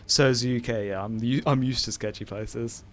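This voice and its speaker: A man's voice: mid-range voice, fairly even intonation, normal speed, faint music behind. A young man with a British accent chatting casually while streaming a game, rambling and hesitant with many fillers and short laughs. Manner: laughs between remarks. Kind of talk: casual chat while gaming.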